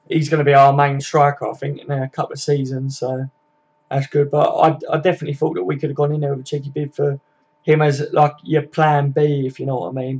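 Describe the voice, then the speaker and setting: A man's voice: mid-range voice, darkish tone. A young man hosting a live stream, chatting casually, reading out viewers' comments, swearing freely and tagging questions onto his sentences.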